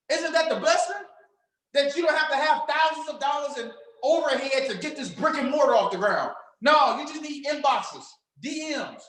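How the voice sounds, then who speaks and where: A man with a strikingly high voice leads a fired-up sales seminar. He preaches and shouts to his team and acts out phone calls as he goes. The room rings with echo. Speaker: sales trainer speaking to a team. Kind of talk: hyped motivational seminar talk.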